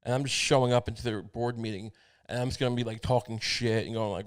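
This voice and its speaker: A man's voice: medium pitch, steady tone, clean tone. A man hosting a comedy podcast, riffing through a rambling, profane monologue full of restarts and asides. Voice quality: profane, halting delivery with many restarts. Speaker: podcast host. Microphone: podcast microphone.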